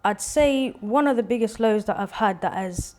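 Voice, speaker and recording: A young woman, a singer-songwriter, chatting as a guest in an interview and telling stories with lively quoted voices. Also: medium pitch, normal speed. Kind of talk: casual interview chat.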